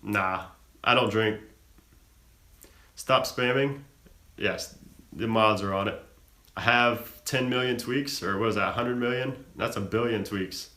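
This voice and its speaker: A young man hosting a live stream, casually reading and answering viewer questions with a relaxed, chatty manner and plenty of fillers. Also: fairly low pitch, slow, pauses often, roomy sound. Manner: relaxed, chatty, frequent fillers and self-laughs.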